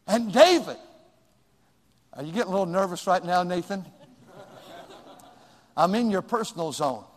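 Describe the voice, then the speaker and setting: A middle-aged male pastor preaching a sermon, swinging from loud shouts to hushed asides. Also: high-pitched, sing-song, normal speed, long reverb tail.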